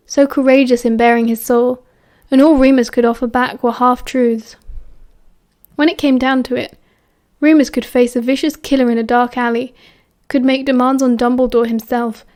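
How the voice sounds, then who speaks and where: A woman with a British accent narrating an audiobook in a steady, even storytelling voice. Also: on the high side. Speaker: audiobook reader.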